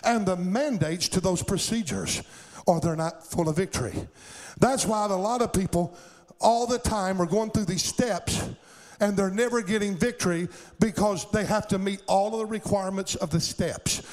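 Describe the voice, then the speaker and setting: A middle-aged male pastor preaching a sermon, calling out to the congregation and building up to shouts at his high points. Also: low-quality recording. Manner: preaching with call-and-response cries, rising to shouts.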